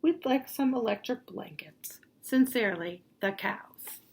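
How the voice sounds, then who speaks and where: A woman's voice: fairly high pitch, expressive, unhurried, slight background noise. A woman voicing polite but demanding cows as they write letters in a storybook, read in a prim, formal voice.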